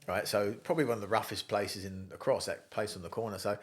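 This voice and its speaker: Middle-aged English man, lowish voice, quick chatty yarns, swears freely, accent half Aussie now. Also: fairly even intonation. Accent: English, softened toward Australian. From England. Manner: chatty yarn-spinner, swears freely, laughs through stories. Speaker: guest, gym founder. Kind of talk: casual storytelling interview.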